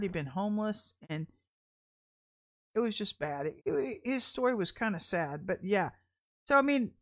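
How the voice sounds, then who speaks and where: A woman preacher, telling a personal story in a candid, chatty sermon and laughing often. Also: medium pitch. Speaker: deliverance minister.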